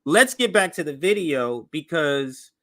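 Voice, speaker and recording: Animated, bright-voiced male commentator. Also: fairly high pitch, measured pace. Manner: animated and conversational, voice jumps up for emphasis. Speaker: show host reacting to news clips. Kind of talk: political reaction commentary.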